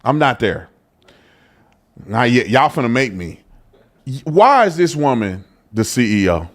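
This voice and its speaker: Animated, lively-pitched male commentary host. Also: a little slow. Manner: animated, joking, talks straight to viewers. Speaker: host of a live commentary show. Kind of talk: live news commentary.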